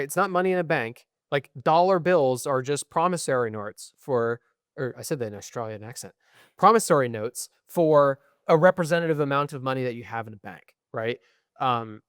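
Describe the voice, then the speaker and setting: A man's voice: on the high side, darkish tone, no room sound. Young man rambling in dry close-mic chat. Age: young adult. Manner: rambling, frequent "right?" and "um" fillers. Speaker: podcast co-host. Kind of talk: casual chat.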